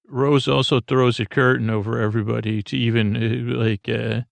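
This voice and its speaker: A man hosting a podcast, recapping an episode in a halting, rambling way with many fillers and restarts. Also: mid-range voice, little pitch movement, creaky, dry recording. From United States. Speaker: podcast host.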